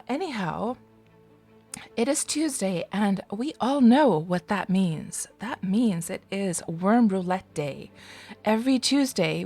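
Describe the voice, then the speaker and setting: A woman hosting a casual game livestream, chatty and greeting viewers by name, her voice still groggy and rough from just waking up. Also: mid-range voice, a little mellow. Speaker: livestream host.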